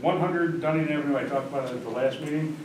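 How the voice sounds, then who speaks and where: A man giving a report at a village board meeting, halting with many ums and restarts. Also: fairly high pitch, fairly even intonation. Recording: echoey room from far off, background noise.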